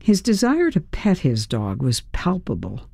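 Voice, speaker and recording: A woman's voice: deep voice, wildly swooping pitch, unhurried, vocal fry, dark tone, no echo, clean studio sound. A woman narrating a first-person audiobook with a wry, dryly humorous manner.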